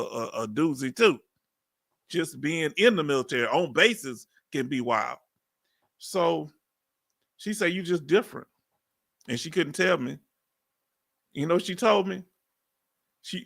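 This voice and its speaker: A man's voice: a little high, fairly bright tone. Chatty Southern man hosting a livestream. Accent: Southern US, Texas. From Texas. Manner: chatty, laughing, drawling asides. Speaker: livestream host, veteran. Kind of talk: casual live chat reading comments.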